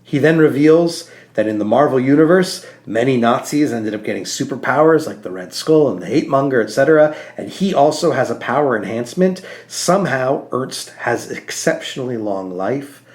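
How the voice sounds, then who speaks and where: A man's voice: medium pitch, expressive, normal speed, hardly any pauses, a little mellow. A man co-hosting a podcast, talking earnestly and animatedly about a comic, with frequent "like" fillers. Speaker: podcast co-host. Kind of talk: casual podcast discussion.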